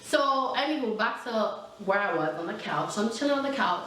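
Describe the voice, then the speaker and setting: A young adult woman telling a personal storytime in a casual, animated way, full of fillers and asides. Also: mid-range voice, brisk, far from the mic, a little hiss or hum. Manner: chatty, animated, lots of fillers. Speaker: vlogger. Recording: very echoey room, mic set back.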